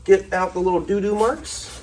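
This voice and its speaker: A young man with a high, steady voice hosts a casual vlog about caring for his snakes and lizards, speaking at a moderate pace with a darkish tone. Chatty and enthusiastic, he coos at the animals as he goes. The reptile keeper and show host records on a phone propped up on a can, leaving a little hiss or hum.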